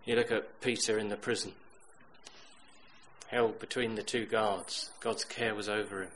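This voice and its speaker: A middle-aged man preaching a sermon, telling stories that swing from loud emphatic bursts to hushed quiet lines. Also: lowish voice, level tone, unhurried, slight background noise, low-quality recording.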